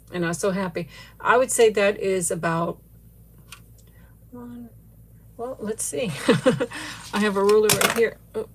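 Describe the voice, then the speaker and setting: This is casual live chat and food tasting: a middle-aged host tries a sweet, giggles often, and gushes thanks to viewers by name. Her voice is mid-range, and there is slight background noise.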